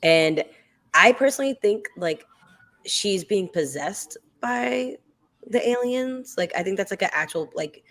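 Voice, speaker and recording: A woman's voice: medium pitch, expressive, a little slow, a bit bright. A woman co-hosting a casual live after-show chat, talking loosely with lots of fillers and restarts. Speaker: co-host.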